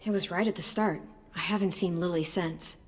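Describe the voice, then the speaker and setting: A woman voicing a steady, protective teenage survivor girl who talks calmly and earnestly. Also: lowish voice, normal speed, lightly acted. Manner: calm, earnest, persuasive.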